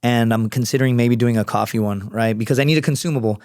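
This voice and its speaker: A man's voice: medium pitch, fast talker, a little mellow, no room sound, clean studio sound. A man talking as a podcast guest, in a casual, profane, storytelling manner. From United States. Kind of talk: casual interview chat.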